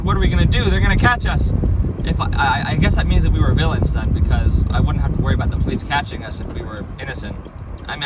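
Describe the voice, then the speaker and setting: A man's voice: mid-range voice, very noisy. A young man casually recounting a strange dream, rambling with stumbling restarts and lots of "right?" and "like". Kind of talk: casual storytelling.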